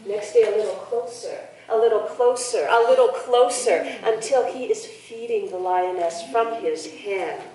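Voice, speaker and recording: A woman telling a folk tale to a live audience, playful and lively, bantering with listeners. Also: medium pitch, normal speed, hardly any pauses. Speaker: storyteller. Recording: echoey hall from far off.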